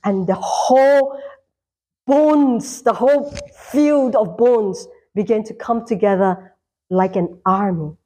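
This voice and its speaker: A woman's voice: on the high side, slow pace, mellow. Fervent woman preaching. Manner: fervent, repeats lines for emphasis. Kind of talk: sermon. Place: church.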